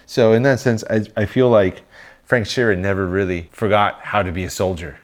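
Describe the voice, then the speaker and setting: Low-voiced man chatting about films. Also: steady tone, moderate pace. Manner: opinionated, joking, with some restarts. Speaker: podcast co-host. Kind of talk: casual film review chat.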